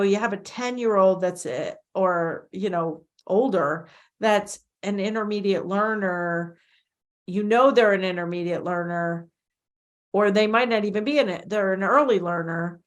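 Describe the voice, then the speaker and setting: A woman's voice: medium pitch, measured pace. A middle-aged woman, a behavior analyst hosting an interview, talks in a rambling way and often corrects herself mid-sentence. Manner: rambling, self-correcting, chatty. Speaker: podcast host, behavior analyst. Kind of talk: conversational interview.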